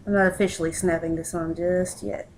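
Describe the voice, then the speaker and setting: A woman's voice: level tone, fairly quick, a little mellow, a little hiss or hum, low-quality recording. A young woman chatting casually as she unboxes a package at home, recorded on a built-in laptop mic, cooing at her cat now and then. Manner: chatty, coos at her cat in a high baby voice. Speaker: vlogger. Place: home room.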